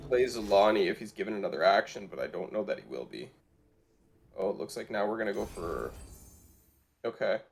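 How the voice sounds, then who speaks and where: A man's voice: lowish voice, expressive, gravelly, husky, faint music behind. A man doing live color commentary on an esports card game, reacting and chatting with his co-caster. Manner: conversational, quick to react.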